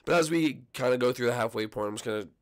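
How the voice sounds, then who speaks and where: Young man with a gravelly, strained voice. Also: medium pitch, fast. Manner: rambling, self-deprecating. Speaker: channel host. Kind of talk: casual behind-the-scenes commentary.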